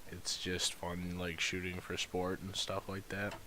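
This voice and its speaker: A young man co-hosting a podcast in casual chat, talking hesitantly with lots of fillers and a gravelly voice. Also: sits low, completely flat delivery, a little slow, bright, forceful tone. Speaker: podcast co-host. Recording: faint hiss.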